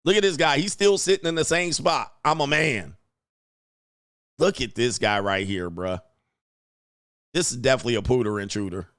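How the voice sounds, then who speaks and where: A man hosting a reaction show, mocking what he watches in a loud, slangy way. His voice sits at an ordinary pitch. The recording is dry and close. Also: normal speed, pauses often, no room sound. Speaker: commentary host. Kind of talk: casual reaction commentary.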